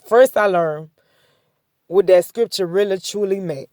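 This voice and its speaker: A woman's voice: medium pitch, unhurried, mellow, dry recording, clean studio sound. A woman sharing a casual spoken faith testimony, talking conversationally, repeating herself and chuckling between points. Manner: repetitive, conversational storytelling with many "I said" asides. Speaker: faith vlogger.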